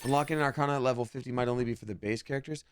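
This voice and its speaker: A male streamer talks to his chat while gaming, upbeat and slangy, quick to say sorry. His voice sits at a middling pitch. Loud game music plays behind him.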